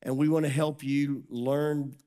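A middle-aged man preaching a sermon as a pastor, telling a story with lively acted-out dialogue. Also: on the high side, measured pace. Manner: animated storytelling, acts out dialogue.

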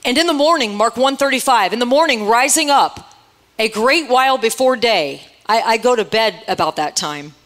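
Woman, preaching, church hall, bright-pitched voice, joking with the congregation. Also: expressive, moderate pace. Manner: playful, teasing the congregation. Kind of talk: sermon.

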